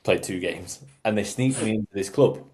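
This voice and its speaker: Young bloke, very deep voice, swearing through podcast banter. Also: male voice, normal speed, a little mellow. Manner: swearing, storytelling, laddish. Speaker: podcast co-host. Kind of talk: casual chat.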